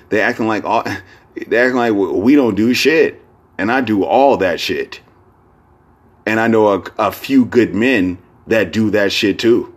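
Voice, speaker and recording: Deep-voiced rambling podcast man. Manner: rambling, full of fillers and restarts, profane. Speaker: podcast host. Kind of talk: casual podcast monologue.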